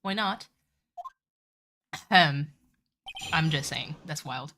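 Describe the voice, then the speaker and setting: A woman's voice: sits low, measured pace, long pauses, fairly bright tone. A woman streamer chatting casually while playing a game, talkative, swearing and saying "like" a lot. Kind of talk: casual live-stream chat.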